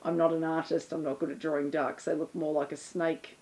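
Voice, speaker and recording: With a low, a little mellow voice and a flat, brisk delivery, she runs a podcast in which she talks casually with her stepson. She's chatty, pokes fun at herself, and laughs readily throughout the interview.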